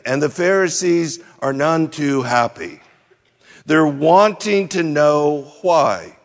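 A man preaching an expository sermon, moving verse by verse at a slow, deliberate pace. His voice sits a little higher than most men's, and he leans on rhetorical questions. A long reverb trails his words, as if he is in a large hall. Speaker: pastor.

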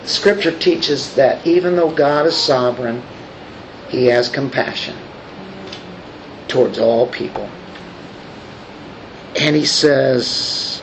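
A man's voice: medium pitch, slow, pauses often, a little hiss or hum, low-quality recording. A man preaching a sermon as a pastor. He reads scripture aloud and puts questions to his congregation.

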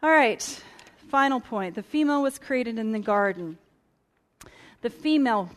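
Earnest woman with a higher voice teaching. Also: animated, normal speed. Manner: earnest, chatty, with many restarts and asides. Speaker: conference speaker. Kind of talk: conversational teaching talk. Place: conference hall stage.

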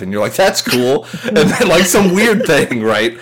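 A man's voice: mid-range voice, measured pace. A man in casual podcast banter, telling a story with lots of swearing and voiced impressions of other people. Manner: animated storyteller, swears, mimics people with laughter.

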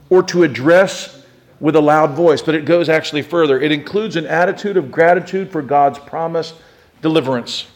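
A man preaching a sermon in an animated way, swinging from hushed asides to loud shouts. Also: fairly high pitch.

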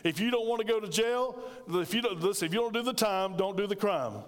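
A man delivers a sermon in a bright, high register, speaking plainly and with force. He calls out to the congregation and drives his points home. His voice carries a long reverb in a church hall. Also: expressive, a little fast. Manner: emphatic, conversational preaching with call-and-response to the congregation. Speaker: pastor. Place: church sanctuary.

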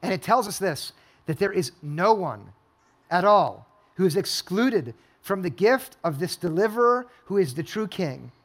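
A man with a high-pitched voice preaches in a church hall, moving between storytelling and a run of rhetorical questions. His delivery is that of a pastor addressing his congregation. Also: expressive, measured pace. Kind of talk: sermon.

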